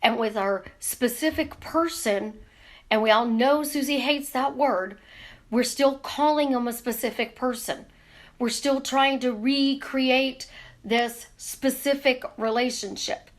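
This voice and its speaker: A woman coaching her viewers in a casual live stream, talking with her hands and firing off rhetorical questions. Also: high-pitched. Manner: animated, talks with her hands, asks rapid rhetorical questions. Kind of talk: casual teaching monologue. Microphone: camera in front of her.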